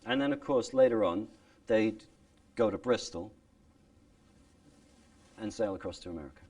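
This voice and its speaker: A man explaining the old pronunciation in an animated way, sometimes stopping to demonstrate lines of verse. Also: lowish voice, unhurried, distant mic. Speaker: speaker on original pronunciation. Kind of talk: lively explanatory talk with reading demonstrations.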